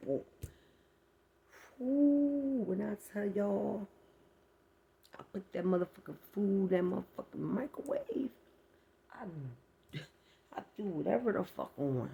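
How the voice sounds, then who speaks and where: A woman's voice: medium pitch, expressive, takes it slowly, creaky, long pauses, warm tone, breathy edge, dull audio. A woman telling a personal story to her viewers in a casual storytime vlog, blunt and heavily profane, addressing them directly and acting out sounds as she goes. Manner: vivid retelling with sound effects. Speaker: storyteller vlogger.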